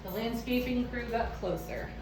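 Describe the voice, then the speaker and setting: A woman giving a casual spiritual tarot reading from home, gentle and soft-spoken, often laughing lightly. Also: on the high side, moderate pace, over loud music, low-quality recording. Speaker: tarot reader. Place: home, with landscaping crew outside.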